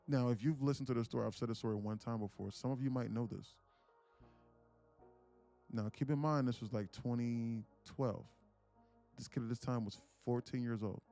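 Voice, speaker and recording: A man's voice: medium pitch, soft background music. A young man hosting a livestream who tells a story casually, with lots of swearing and animation. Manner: profane, animated, fast. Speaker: day-trading livestream host.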